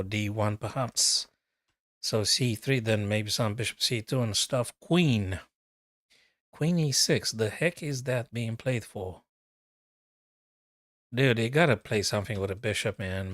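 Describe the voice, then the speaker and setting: A man with a fairly low voice gives casual live chess commentary as a coach. He is chatty, thinks aloud and talks straight to his viewers. The sound is dry and close. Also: fairly bright tone, no room sound.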